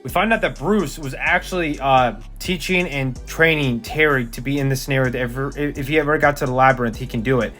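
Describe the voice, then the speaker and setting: A man giving a casual, excited recap of a comic book, talking with enthusiasm, swearing and lots of fillers. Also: mid-range voice, a little fast, hardly any pauses, soft background music. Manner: enthusiastic, profane, rambling with many fillers.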